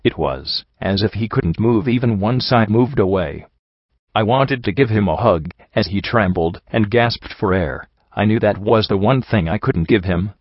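Man narrating a fan story, steady, lowish voice, dry muffled home audio. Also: moderate pace, breathy edge, no room sound. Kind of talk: fan fiction reading. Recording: dull, dry home recording.

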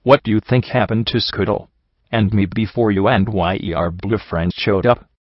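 A man's voice: on the low side, steady tone, normal speed, breathy edge, no room sound. A man voicing a bitter, injured young female pony who talks in blunt, folksy backwoods grammar, in a dull, slightly muffled recording.

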